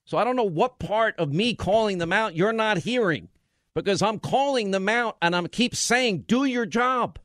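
A man hosting a talk radio show from a studio, ranting in a forceful, exasperated way into a studio mic. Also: high-pitched, expressive, moderate pace, no echo. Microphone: studio microphone.

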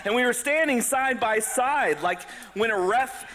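Male stand-up comic, young adult, high and lively, lots of laughter in his delivery. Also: a little slow. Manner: animated, laughing between lines. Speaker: comedian. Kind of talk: stand-up storytelling.

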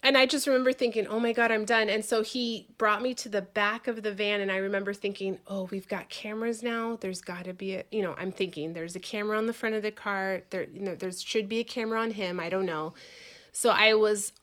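A woman in her forties telling a story in casual chat, animated and swearing freely as she acts out what people said. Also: medium pitch, fairly quick. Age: 40s.

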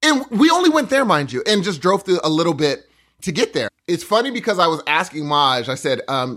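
A man's voice: fairly high pitch, sing-song, brisk, fairly bright tone. A man co-hosting a podcast, telling a story in casual chat and acting out other people's lines. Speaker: podcast co-host.

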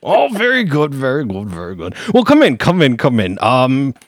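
A man voicing a pompous, fussy wizard lawyer who flatters and drags out his words in a tabletop game. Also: medium pitch, no room sound, studio quality. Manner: pompous, effusive, drawn-out. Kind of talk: tabletop role-play character voice.

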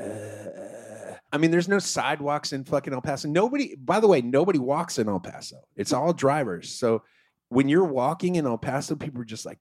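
A man telling a comic story in a loose, profane, animated way, acting out the characters. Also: medium pitch, dry recording, clean studio sound. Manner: profane, animated, acts out voices.

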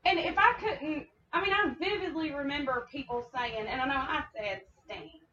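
Woman, fairly high voice, blunt and profane; roomy, distant, dull recording. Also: moderate pace, a little hiss or hum. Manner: blunt, swears a lot, animated. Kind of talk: casual chat. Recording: echoey, distant, dull sound.

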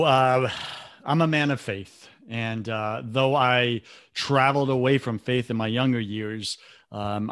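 A man's voice: lowish voice, dry recording, clean studio sound. A man talking earnestly in short reflective phrases in a casual podcast conversation, as a business coach.

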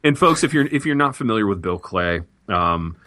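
A man co-hosting a comedy podcast, riffing playfully in a deadpan mock-promotional way. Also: on the low side, normal speed. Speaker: podcast co-host. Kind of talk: improvised comedy banter.

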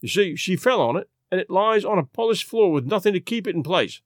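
A man's voice: sits high, animated, a little fast, dry recording, studio quality. A man reading a story aloud and voicing a big, penitent police constable who rambles apologetically. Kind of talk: audiobook reading.

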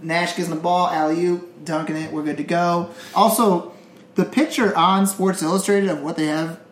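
A podcast co-host in casual chat, rambling quickly and swearing often. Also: medium pitch, steady tone. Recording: echoey room, faint noise.

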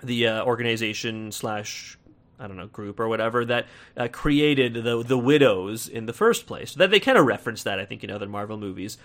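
A man's voice: mid-range voice, fairly quick, fairly bright tone. A man with an American accent giving a casual, rambling film review, full of fillers and restarts, with wry laughs.

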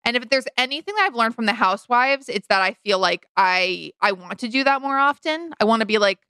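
A woman co-hosting a podcast, telling a long family story in casual chat and acting out the quoted lines with sudden jumps in pitch. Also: expressive, a little fast, bright, forceful tone, clean tone, dry recording. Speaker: podcast co-host.

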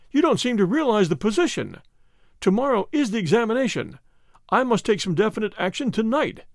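A man reading aloud, voicing a fussy, excitable male college tutor who pleads in a high, flustered voice. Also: dry recording, studio quality.

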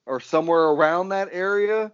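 A man's voice: sits high, normal speed, clean tone. Man, podcast host, casual profane chat, slightly dull audio. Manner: loose, profane, joking.

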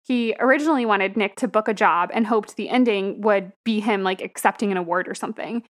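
In casual movie-review chat, a young podcast co-host walks through a film's plot, laughing frequently. She speaks briskly with a medium-pitched voice.

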